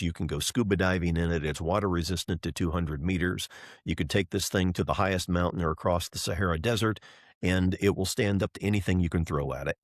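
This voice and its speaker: Deep-voiced man telling an animated story. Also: no echo, studio quality. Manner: enthusiastic storyteller, acting out quoted voices. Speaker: podcast guest, race driver and watch entrepreneur. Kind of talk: animated storytelling in a podcast interview.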